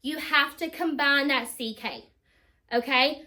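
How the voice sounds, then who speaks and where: A woman teacher, slowly sounding out spelling words for children. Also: sits high, bright, forceful tone. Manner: slow, deliberate sounding-out of words.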